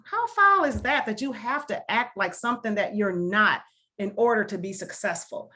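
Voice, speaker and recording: Speaking as a guest on a video call, this Milwaukee woman with a Wisconsin accent talks casually in the discussion, earnest and emphatic and leaning on repetition. Her mid-range voice is bright and forceful, with lively intonation and normal speed.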